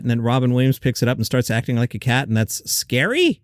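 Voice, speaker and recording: A man's voice: mid-range voice, sing-song, fast talker, dry recording, clean studio sound. Sarcastic man hosting comedy news. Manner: sarcastic, incredulous asides. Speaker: host.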